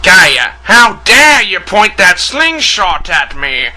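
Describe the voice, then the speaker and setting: A man's voice: high voice, big pitch swings, takes it slowly, bright, forceful tone, full character voice. A man imitating a sneering male cartoon villain captain in a theatrical, melodramatic manner. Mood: menacing.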